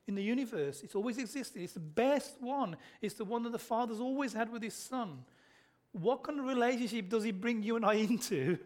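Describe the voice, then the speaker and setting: A man with a Black Country accent preaching a sermon, earnestly and directly addressing his listeners, often dropping to soft, intense tones. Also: sits high. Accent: Black Country English.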